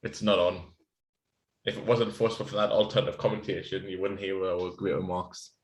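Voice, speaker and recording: A man rambles through casual podcast banter over a few beers, laughing and swearing as he goes. His voice sits a little low. The room around him rings with echo. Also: level tone, moderate pace. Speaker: podcast co-host. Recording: echoey room.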